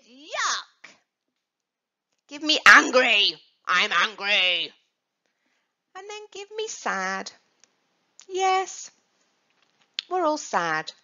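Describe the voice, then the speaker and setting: A woman's voice: high voice, sharp tone. Sing-song woman teaching kids. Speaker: dog safety educator. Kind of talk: teaching children. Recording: dull lo-fi recording.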